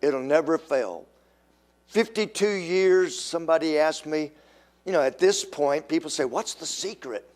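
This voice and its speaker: An older man preaching a sermon, slow and emphatic, acting out quoted voices with sudden jumps in pitch. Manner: animated, acts out quoted voices.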